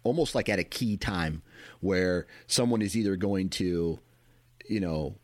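A low-voiced man hosts a casual interview and sums up his guest's points in relaxed, easygoing talk. His voice sits deep. The recording is dry and close. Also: unhurried, no echo. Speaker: podcast host.

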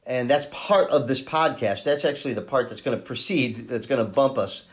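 A man hosting a true-crime podcast, thinking aloud in a halting way with many restarts as he talks through a case. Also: mid-range voice. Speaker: podcast host and case investigator.

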